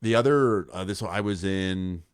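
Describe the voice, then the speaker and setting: Brief: young male podcast co-host, fairly low voice, dry close sound, loose storytelling with lots of fillers. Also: normal speed, clean tone, no room sound. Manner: rambling, filler-heavy storytelling with acted quotes. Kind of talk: casual storytelling chat.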